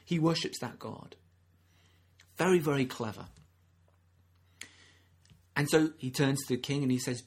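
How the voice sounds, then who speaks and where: Husky-voiced man preaching a sermon. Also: mid-range voice, a little slow, pauses often. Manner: earnest, acts out quoted speakers, frequent restarts.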